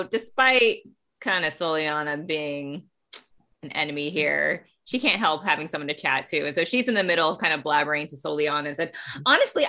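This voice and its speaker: A woman's voice: low-pitched, pushed and bright. A woman player in a tabletop game, chatty and hesitant, describing her character's actions.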